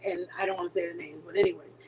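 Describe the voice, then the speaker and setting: A woman's voice: on the low side, steady tone, racing, background noise. A middle-aged woman chatting casually with her viewers, telling a long story with many restarts and trailing thoughts. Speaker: livestream host.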